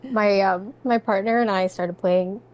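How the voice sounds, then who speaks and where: A woman's voice: medium pitch, fairly even intonation, unhurried, lo-fi sound. A Canadian woman chatting as a guest on a podcast about her book. She talks loosely and self-deprecatingly, breaking into easy laughter between thoughts. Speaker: guest author. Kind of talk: casual podcast chat.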